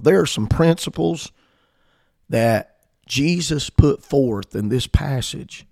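A man's voice: mid-range voice, gravelly, a little mellow, no echo, studio quality. A man preaching a sermon, earnestly quoting scripture in old-fashioned wording.

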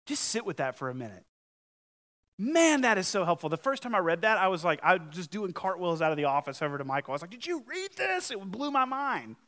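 A pastor addresses his congregation in a sermon, speaking quickly in an expressive, fairly high voice. His style is conversational and emphatic, and his volume swings widely.

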